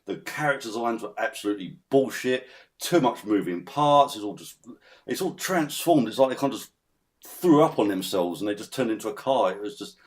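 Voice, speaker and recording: A man's voice: on the low side, expressive, a little fast. A man ranting as a guest in a casual podcast chat, swearing often and breaking into laughter. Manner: ranting, swears a lot, laughs mid-rant.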